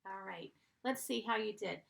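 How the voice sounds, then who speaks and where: A woman's voice: medium pitch, moderate pace, creaky. A woman teaching a first grade class, dictating sentences and patiently sounding out letters and blends.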